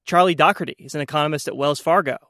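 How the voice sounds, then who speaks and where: Male news reporter, a bit high-pitched, dry booth read, steady. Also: racing, dry recording. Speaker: radio reporter.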